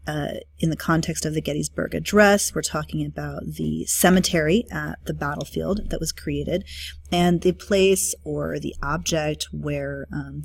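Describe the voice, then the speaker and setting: Lady teacher going over a study guide, lowish voice, lots of ums, dry sound. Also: no echo. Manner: clear explanatory teaching with frequent fillers. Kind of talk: classroom study guide review.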